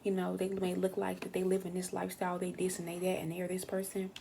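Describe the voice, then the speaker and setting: A woman's voice: lowish voice, completely flat delivery, fast, creaky, mellow, slight background noise. A young woman giving a casual tarot reading, brash and slangy, swearing freely and acting out what other people say. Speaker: tarot reader.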